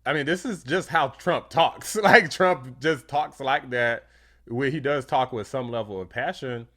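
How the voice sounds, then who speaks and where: A man's voice: medium pitch, unhurried, bright, forceful tone. A man commenting on clips for his channel in a casual, slangy, dismissive way. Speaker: YouTube commentator. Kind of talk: reaction video commentary.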